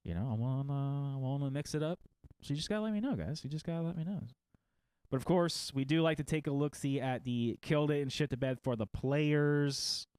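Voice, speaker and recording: A man's voice: medium pitch, brisk, a little mellow, smooth, dry recording. A man hosting a fantasy football show in a casual livestream style, rambling through lists of results with jokey, self-mocking asides.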